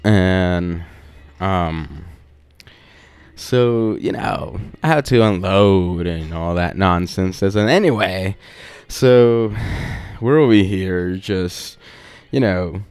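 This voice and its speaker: A man's voice: deep voice, drawn-out words, a little mellow, clean tone, no echo. A young man hosting a podcast, telling a rambling story in a laid-back, profane way with lots of fillers. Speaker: podcast host.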